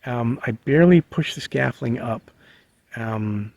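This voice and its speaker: Gravelly man telling a story. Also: mid-range voice, a little mellow, no room sound, highs cut off. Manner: halting, many fillers and restarts. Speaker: vlogger sharing a memory. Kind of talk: casual storytelling. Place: living in a bus.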